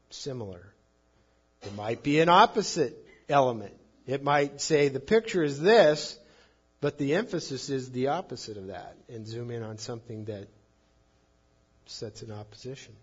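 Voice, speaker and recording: A man preaching a sermon on the psalms, speaking emphatically and swinging between loud and soft. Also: mid-range voice, breathy edge, dull audio. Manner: emphatic, rising and falling in volume.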